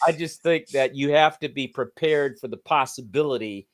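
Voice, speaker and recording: A man with a mid-range voice hosts a casual comedy chat. He talks in a relaxed, thoughtful way and backs up his guest with easy agreement. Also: medium pitch, normal speed. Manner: relaxed and reflective, with soft agreeing interjections. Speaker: comedy show host.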